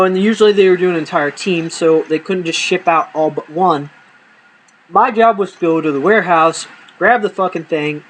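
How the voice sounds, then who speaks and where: Poor audio and slight background noise surround this young man's fairly high-pitched voice. His comedic personal stories are packed with profanity and exaggeration, and he lands each punchline without cracking a smile.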